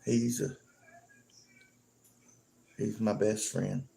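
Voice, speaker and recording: A man's voice: on the low side, steady tone, very slow, gravelly, dark tone. A man chatting casually and joking on a live stream, rambling and chuckling often.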